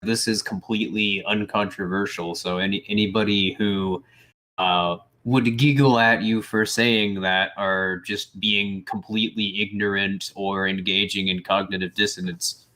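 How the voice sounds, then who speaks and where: Guy co-hosting a politics stream, emphatic, keeps restarting, sharp bright voice. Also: on the low side, unhurried. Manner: emphatic, restarts phrases, animated. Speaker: co-host. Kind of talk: casual political commentary.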